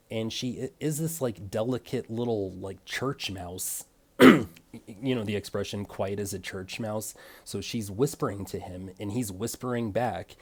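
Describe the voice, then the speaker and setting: Young man, fairly low voice, venting about a haircut, casual vlog rant. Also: a little mellow. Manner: irritated, storytelling with clipper sound effects. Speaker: vlogger.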